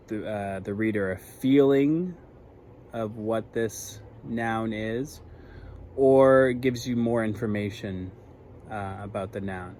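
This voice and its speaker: Slow, patient male teacher with fillers. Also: on the low side, a little mellow, slight background noise. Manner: slow, patient, with many ums and uhs; light self-deprecating humor. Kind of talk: recorded lesson for young children.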